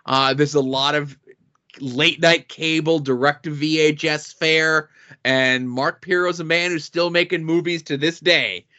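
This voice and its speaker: A man co-hosting a casual podcast, reading listener notes and product listings in a dry, deadpan way. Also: on the high side, unhurried. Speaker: podcast co-host. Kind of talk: casual podcast chat with sponsor reads. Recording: dull lo-fi audio.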